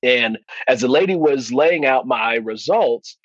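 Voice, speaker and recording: A man's voice: medium pitch, lively intonation, unhurried, husky, no room sound, muffled recording. A male podcast guest speaking in a reflective way, often restarting and repeating words. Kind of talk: casual interview chat.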